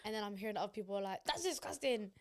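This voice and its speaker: A woman's voice: medium pitch, flat delivery, darkish tone. Young woman on a podcast, emphatic, acts out what people said. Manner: emphatic, quick, acts out quotes. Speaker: podcast co-host. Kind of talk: casual chat.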